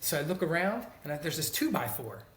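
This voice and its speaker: A man's voice: on the high side, fairly quick, roomy sound. A middle-aged man and former teacher, telling stories in a casual conversation and acting out the people he quotes. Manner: animated storyteller who acts out quoted people. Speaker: guest, former teacher and school counselor.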